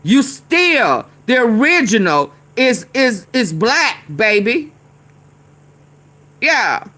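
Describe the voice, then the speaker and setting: A woman's voice: on the high side, big pitch swings, very slow, bright, forceful tone. A woman, commenting heatedly on a news clip and calling out her chat. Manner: heated, talks back to the screen and commenters. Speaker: commentary streamer. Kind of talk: casual reaction commentary.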